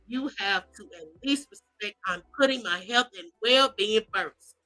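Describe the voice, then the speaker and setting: A woman's voice: mid-range voice, measured pace, soft background music, poor audio. A woman hosting a gossip commentary show, reading celebrity posts aloud and reacting with sass, mock cries and drawled asides. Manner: animated, sassy, mock-crying, drawling asides. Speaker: commentary host.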